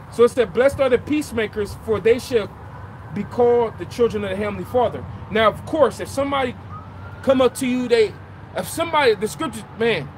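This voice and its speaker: A man, a lay preacher, telling a casual religious testimony in an animated storytelling way. He swears freely and calls his listeners brothers. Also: high voice, a little hiss or hum.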